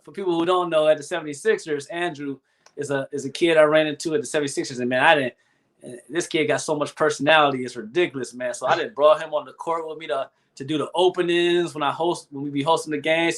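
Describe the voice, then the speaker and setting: A man's voice: fairly high pitch, fast talker. A man from Cleveland, a guest and event MC, chatting casually and animatedly. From Cleveland, USA. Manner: animated, keeps asking "you know what I mean". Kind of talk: casual chat.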